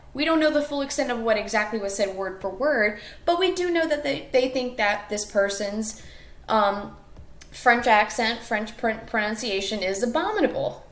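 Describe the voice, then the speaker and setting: A woman's voice: a little high, reverberant. A woman teacher talking through a recorded class lesson step by step, with fillers and self-corrections.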